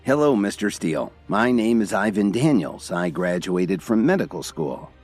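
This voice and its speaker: A man playing a young doctor in an audio story, low voice kept formal and stiff. he delivers grim news reluctantly, polite over hidden irritation, with soft music beneath. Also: big pitch swings, normal speed.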